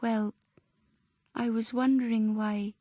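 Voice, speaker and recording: A woman's voice: on the high side, slow pace, dry recording, studio quality, pitched above the performer's own voice. A woman reading a terse, shaken woman detective. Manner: terse, flat replies.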